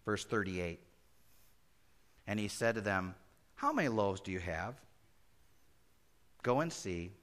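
Man, pastor, bright tone; lively verse-by-verse preaching that drops to quiet asides. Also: on the low side, takes it slowly, long pauses. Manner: animated, swings between loud and hushed; acts out Bible characters conversationally. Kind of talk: expository sermon.

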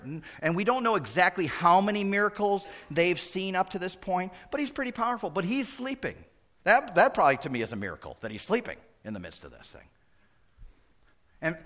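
A middle-aged male pastor preaching a sermon, moving between loud exclamations and hushed asides. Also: fairly high pitch.

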